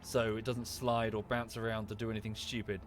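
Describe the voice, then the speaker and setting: A man's voice: on the low side, level tone, a little fast, a little hiss or hum. Chatty man with an Estuary English accent. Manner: chatty, rambling, thanks viewers in passing. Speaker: streamer. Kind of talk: casual gameplay commentary.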